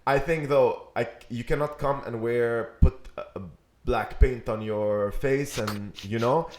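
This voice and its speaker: A man's voice: medium pitch, fairly even intonation, unhurried, a little mellow. Hesitant man in an echoey room. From Lebanon. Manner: hesitant, restarts often, playful swearing. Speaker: podcast co-host. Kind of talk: casual chat. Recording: roomy echo.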